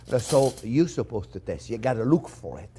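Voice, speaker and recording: A man's voice: medium pitch, very animated, moderate pace, mellow, slight background noise. A man with a French accent, a chef giving a chatty cooking demonstration in a kitchen, repeating himself and talking to viewers as friends.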